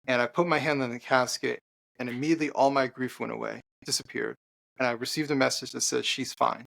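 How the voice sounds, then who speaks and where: A man, a podcast guest and author, telling an earnest personal story in conversation, halting with restarts and fillers. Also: mid-range voice, fairly even intonation, gravelly, fairly bright tone.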